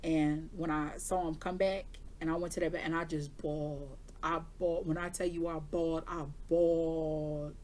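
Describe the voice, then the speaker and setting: A woman's voice: sits low, fairly even intonation, normal speed, few pauses, slight background noise. Chatty woman telling a personal story. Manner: chatty, candid, talks straight to viewers. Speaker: intuitive reader giving weekly forecasts.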